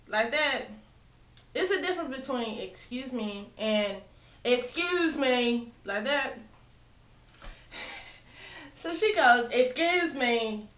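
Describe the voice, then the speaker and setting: A young woman chatting casually in a hair vlog, telling a story and acting out what people said. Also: on the high side. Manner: chatty storytelling, acts out quotes. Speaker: hair vlogger. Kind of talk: casual chat. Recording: roomy lo-fi home video.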